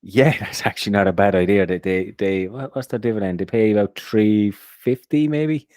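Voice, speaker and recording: A man's voice: fairly low pitch, normal speed, darkish tone, no room sound, studio quality. A man co-hosting a casual podcast, upbeat and prone to repeating words as he starts a sentence. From Ireland. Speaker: podcast co-host. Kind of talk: casual chat.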